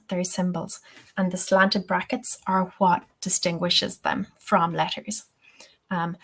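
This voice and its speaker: A woman teaching English-teacher trainees in a webinar, explaining patiently step by step and often saying "okay" and "um". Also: medium pitch. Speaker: TEFL trainer.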